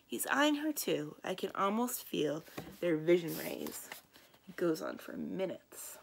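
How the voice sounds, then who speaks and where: A woman librarian reading a children's novel aloud in a lively, expressive storytelling voice. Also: unhurried, vocal fry, slight background noise. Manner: lively, expressive storytelling with big swings in pitch and loudness.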